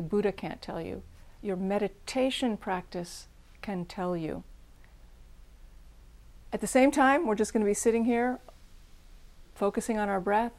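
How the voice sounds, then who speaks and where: A woman's voice: mid-range voice, darkish tone. A middle-aged woman teaching meditation, giving a frank, plain-spoken dharma talk and guided practice with a self-deprecating edge.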